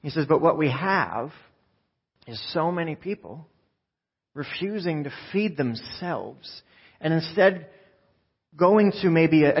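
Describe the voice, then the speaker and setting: A man's voice: fairly high pitch, breathy edge, muffled recording. A man preaching a sermon, telling a story with quoted voices and asides to the congregation. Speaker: pastor.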